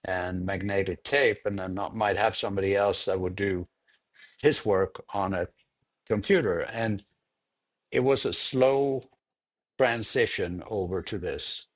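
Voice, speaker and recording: Interviewed about his work as a film sound editor, an older man with a low-pitched voice tells a story at an easy conversational pace, repeating words as he gathers his thoughts.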